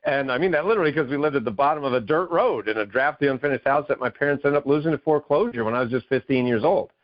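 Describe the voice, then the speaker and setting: A man from Maine, USA, a guest author and keynote speaker, enthusiastically tells his story in a radio interview. His mid-range voice races along, and the radio audio is dull and lo-fi.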